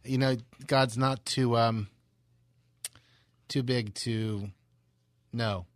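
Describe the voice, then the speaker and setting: A man hosting a radio talk show, relaxed and affirming, reading promos with a few fillers. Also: medium pitch, extremely slow, no room sound. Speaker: radio host. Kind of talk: radio interview.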